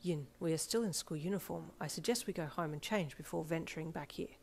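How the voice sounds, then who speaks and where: A woman's voice: low voice, brisk, creaky, a little hiss or hum. A woman voicing an earnest, formal teenage schoolboy who speaks in solemn, old-fashioned phrases. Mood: wary. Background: soft backing music.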